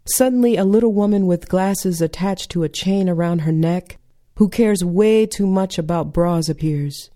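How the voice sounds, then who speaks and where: Wry woman with a mellow voice. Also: lowish voice. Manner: wry, deliberate delivery. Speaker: spoken-word performer. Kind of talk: spoken-word personal story.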